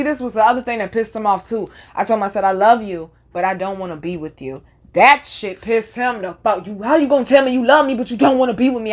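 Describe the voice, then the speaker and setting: A woman's voice: mid-range voice, a bit bright. A woman podcast host, telling candid, profane personal stories in a casual monologue with laughing asides.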